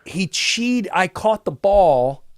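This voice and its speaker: A man telling a casual anecdote in an animated way, laughing and swearing as he goes. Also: high-pitched, slow, clear, resonant tone, no echo, studio quality. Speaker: comedian telling a story.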